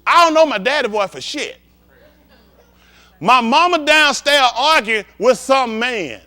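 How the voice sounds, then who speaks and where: A man preaching with a high voice that leaps all over the place as he acts out a story. His tone is bright and edgy, profane and theatrical, and he keeps asking the congregation whether they follow him. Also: expressive, a little slow. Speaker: pastor. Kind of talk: comedic storytelling rant to a congregation.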